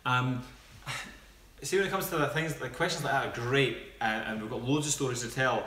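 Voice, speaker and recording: A Scottish man co-hosting a fitness live Q&A, explaining things in a relaxed way with plenty of fillers. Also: medium pitch, moderate pace, reverberant. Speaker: fitness coach co-host. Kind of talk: casual live Q&A.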